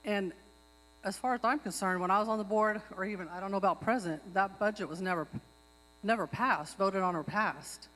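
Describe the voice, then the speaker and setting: A woman's voice: medium pitch, brisk, fairly bright tone. Earnest woman arguing a motion, echoing pavilion. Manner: earnest, repeats herself when stressing a point. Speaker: tribal member making a motion. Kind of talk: speaking at a public meeting. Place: outdoor pavilion. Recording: long hall reverb.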